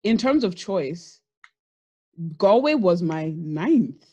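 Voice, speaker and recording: A young woman co-hosts a chatty home podcast. Her voice is slightly husky and swings widely in pitch as she teases her friend and laughs. The talk is loose and casual, with the odd swear. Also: sing-song, takes it slowly, a little mellow, dull audio. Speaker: podcast co-host. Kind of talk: casual chat. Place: home studio.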